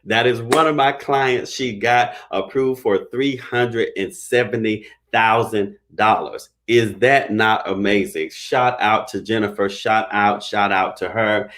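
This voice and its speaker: A man's voice: on the low side, fairly even intonation, measured pace, few pauses, a bit bright. A man working as a credit repair consultant, talking casually and emphatically to his viewers, preaching and joking in turns.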